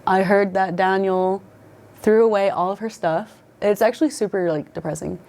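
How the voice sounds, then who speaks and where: A woman's voice: mid-range voice, fairly even intonation, moderate pace, darkish tone. A young woman telling her own life story in a casual conversation, emotional and full of "like" fillers and restarts.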